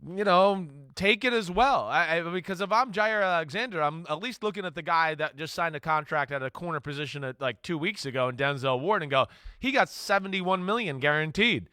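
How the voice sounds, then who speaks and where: A man with a bright, clear, fairly high voice who rambles through his football opinions, restarting sentences as his enthusiasm builds. The recording is close and dry. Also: brisk, few pauses, no echo. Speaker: sports analyst. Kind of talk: casual sports analysis chat.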